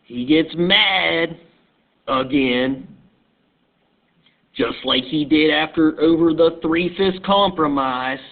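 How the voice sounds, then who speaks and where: A man teaching history as a casual story, talking in a halting, conversational way, recorded on a tinny phone-like line. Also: a little high.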